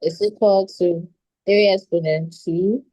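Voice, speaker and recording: A woman's voice: fairly low pitch, fairly even intonation, unhurried, mellow, no room sound, rough recording. A female student giving short answers to her teacher in a classroom lesson.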